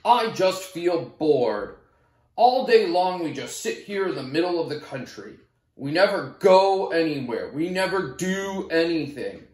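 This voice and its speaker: A man voicing Kansas, a bored, glum male state in a storybook, drawing his words out slowly, recorded with a roomy echo. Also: a little high, big pitch swings, a little mellow. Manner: slow moping delivery.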